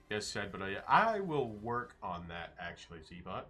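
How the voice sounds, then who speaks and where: A man's voice: on the low side, sing-song, measured pace, sharp tone, faint music behind. A young man streaming, chatting casually and rambling with jokes as he answers his viewers. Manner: rambling, joking, reads out chat names.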